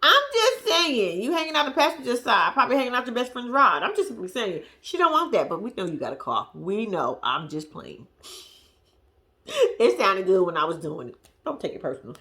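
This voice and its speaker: A woman's voice: on the high side, sing-song, brisk, sharp tone. A woman vlogger giving casual, slangy commentary on a reality show, laughing often and talking animatedly. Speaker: reaction vlogger.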